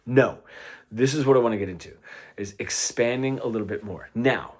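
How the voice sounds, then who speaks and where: A man's voice: fairly low pitch, expressive, moderate pace. A man teaching guitar in a casual lesson, talking in a chatty way and checking in with frequent "right?" asks between his playing examples. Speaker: guitar coach. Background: guitar playing between phrases.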